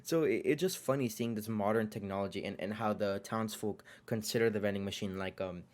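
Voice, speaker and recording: A man's voice: fairly low pitch, fairly quick, darkish tone. A young man giving a casual, chatty video review, full of fillers, restarts and jokey asides. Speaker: anime reviewer.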